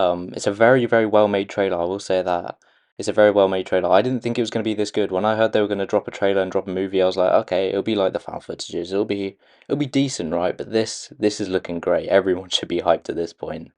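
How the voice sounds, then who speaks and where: A man casually breaking down a movie trailer for his channel, pausing often with "um"s and restarting his sentences. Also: low-pitched, fairly even intonation, a little mellow. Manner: hesitant, many "um"s and restarts. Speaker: video creator analysing a movie trailer. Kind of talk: casual commentary.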